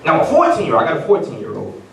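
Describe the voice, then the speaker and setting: A man's voice: on the high side, rapid-fire, gravelly, slight background noise. A middle-aged man performing a stand-up comedy set at a party, telling stories and putting on voices for the people in them. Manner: animated storytelling with voiced quotes. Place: party venue with live audience. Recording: roomy, distant venue recording. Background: audience laughter.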